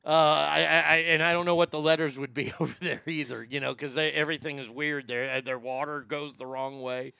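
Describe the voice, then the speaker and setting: A man's voice: on the high side, fairly even intonation, brisk, gravelly, hardly any pauses, sharp tone, smooth, no echo. A man co-hosting a podcast, rambling through news stories in crude, profane, casual commentary. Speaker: podcast co-host.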